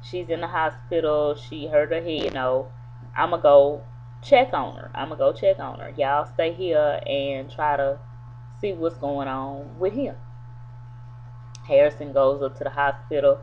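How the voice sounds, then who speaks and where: A woman's voice: deep voice, fairly even intonation, measured pace. A woman casually retelling a TV episode in a loose, rambling way, full of fillers. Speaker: TV episode reviewer. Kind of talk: casual spoken episode recap. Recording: tinny phone-like sound with faint hum.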